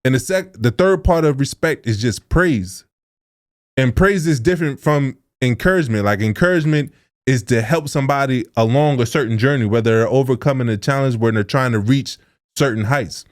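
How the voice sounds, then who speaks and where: A man's voice: mid-range voice, a little fast. Young adult man, podcast co-host; earnest, informal, a touch preachy. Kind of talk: casual podcast talk.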